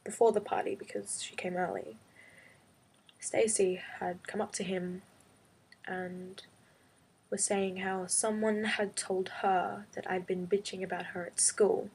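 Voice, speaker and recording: A young woman vlogging, telling a school drama story in an exasperated, animated casual rant. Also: mid-range voice, measured pace, husky. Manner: exasperated, animated retelling with quoted back-and-forth. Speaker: high school student.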